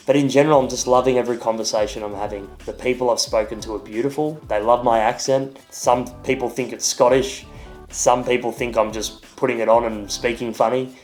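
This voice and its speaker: A man's voice: mid-range voice, darkish tone. A young Australian man narrating a casual travel vlog, chatty and upbeat with playful asides. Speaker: vlogger and podcast host.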